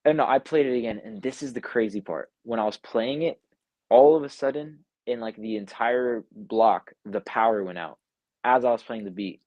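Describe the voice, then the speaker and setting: In a live online interview done from home over a video call, a young music producer tells a story in a casual, animated way, mimicking what people said and saying "like" constantly. His mid-range voice keeps a moderate pace, and the dry recording has its highs cut off.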